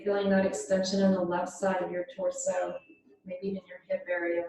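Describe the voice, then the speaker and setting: A woman leading a yoga class over a video call, guiding slowly and gently through breathing and stretches. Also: fairly low pitch, monotone. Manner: slow, gentle, soothing guidance. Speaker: yoga instructor. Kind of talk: guided yoga class instruction. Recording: echoey room, voice from far off.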